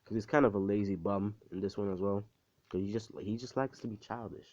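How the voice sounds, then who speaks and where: Low-voiced man rambling through a story. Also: fairly quick, a little mellow. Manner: rambling, swears often, many fillers. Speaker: storyteller retelling a fan story. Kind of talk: casual storytelling. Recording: dull, dry lo-fi recording.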